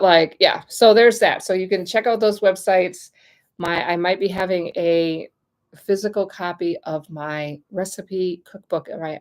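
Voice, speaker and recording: An American woman in her forties chatting casually to camera, bubbly and rambling with lots of fillers. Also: fairly low pitch. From United States. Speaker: vlogger and relocation consultant.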